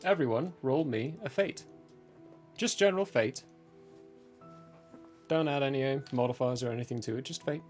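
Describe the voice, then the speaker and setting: A man running a tabletop horror game as game master, calmly narrating and explaining the rules. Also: medium pitch, moderate pace, long pauses, faint music behind. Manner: calm, matter-of-fact rulings and narration.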